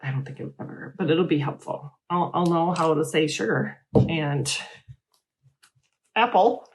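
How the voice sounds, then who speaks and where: Middle-aged woman rambling chattily about her crafts, voice a bit on the low side. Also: measured pace. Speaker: host. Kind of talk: casual chat.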